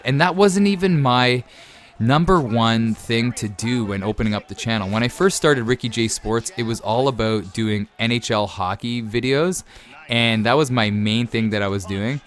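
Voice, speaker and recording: A man in his thirties hosts his YouTube gaming channel, answering viewer questions in a chatty, enthusiastic Q&A and often adding "man" to his sentences. His voice is mid-range, with a little hiss or hum in the background.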